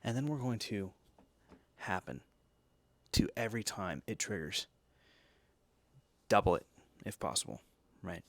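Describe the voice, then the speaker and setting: A man's voice: on the low side, expressive, a little slow, gravelly, pauses often, a bit bright, dry recording. A man hosting a casual talk, chatty and jokey, full of asides and tag questions. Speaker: host reviewing energy drinks and decks. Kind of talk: casual chat.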